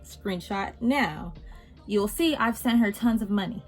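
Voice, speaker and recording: An animated young woman vlogger tells a casual storytime as she does her makeup. She swears freely and swings between loud exasperation and low, muttered asides. Her pitch sits mid-range, with faint music playing underneath. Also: takes it slowly.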